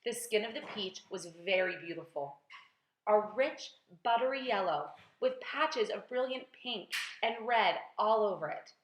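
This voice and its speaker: A woman teacher reading a children's book aloud with lively, expressive storytelling. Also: mid-range voice, unhurried. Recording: roomy echo.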